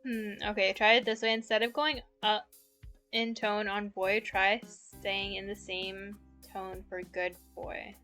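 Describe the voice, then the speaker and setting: Giggly young woman with a bright voice. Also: medium pitch, flat delivery, unhurried, faint music behind. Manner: giggly, laughs often between sentences. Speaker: streamer. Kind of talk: casual chat. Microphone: mic very close to the mouth.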